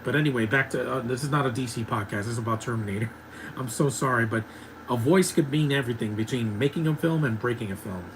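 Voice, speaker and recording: A man's voice: mid-range voice, fast talker, noisy background. Ranting man in his thirties. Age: 30s. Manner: ranting, opinionated, laughs often. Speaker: movie commentary host. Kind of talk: live movie watch-along commentary.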